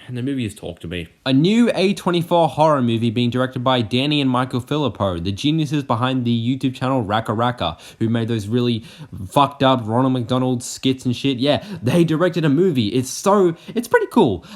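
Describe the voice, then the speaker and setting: A young man talks through a movie review in a loose, excitable way, swearing freely and restarting his sentences. His voice sits at an ordinary middle pitch for a man, and he sounds like a channel host chatting to viewers. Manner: excitable, profane, rambling with many restarts. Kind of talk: casual spoken movie review.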